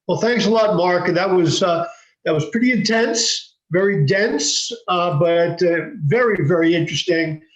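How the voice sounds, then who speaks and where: A man moderating a lecture's question session, speaking haltingly with many restarts and fillers. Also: sits high. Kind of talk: hosting a lecture Q&A. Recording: dull lo-fi audio.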